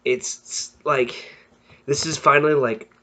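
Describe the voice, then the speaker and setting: A young man giving a casual, excitable recap, rambling and correcting himself as he goes. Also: medium pitch, slow. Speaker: wrestling recap vlogger. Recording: muffled lo-fi recording.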